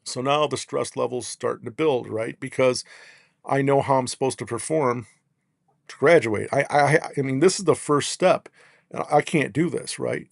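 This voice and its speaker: A man, a podcast guest, telling long rambling stories in casual chat and tagging his points with quick checks on the listener. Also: medium pitch, vocal fry, dry recording, studio quality. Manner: rambling, peppers lines with "right?". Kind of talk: casual storytelling.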